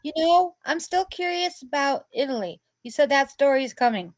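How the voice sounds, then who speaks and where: A high-pitched woman drops brief, curious remarks into a casual livestream conversation. Her voice is clear and dry, with no room sound around it. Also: animated, moderate pace, no room sound. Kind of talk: casual chat.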